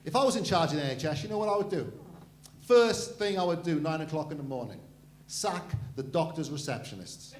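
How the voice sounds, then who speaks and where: Hosting a comedy night in an echoey room, a middle-aged man from Wales jokes crudely and trades cheeky banter with the audience. He has a fairly high pitch, lively intonation and a fairly quick pace, with slight background noise.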